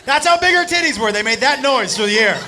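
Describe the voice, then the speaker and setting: A male stand-up comedian telling a crude story, animated and loud, shouting his punchlines. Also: very high voice, fast talker, crowd noise. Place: comedy club stage. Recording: live club set with audience laughter and noise. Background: audience laughing.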